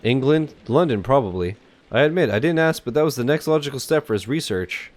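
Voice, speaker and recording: A man's voice: mid-range voice, animated, brisk, natural voice. A man voicing an elderly, mustached male bookseller who speaks courteously in old-fashioned phrases.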